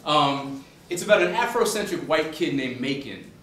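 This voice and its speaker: An author from the Boston suburbs tells a humorous story to a university class, conversational and full of fillers. His slightly high, somewhat bright voice has lively intonation at a moderate pace, recorded in an echoey room with a distant mic and faint ambience.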